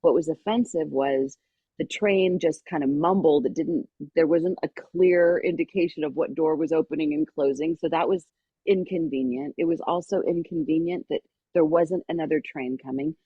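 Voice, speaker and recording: A middle-aged woman guest on a podcast, telling a personal story with lively energy and acting out the voices of people in it. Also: low voice, moderate pace, slightly rough, no echo, lo-fi sound. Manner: lively storyteller who acts out quoted voices.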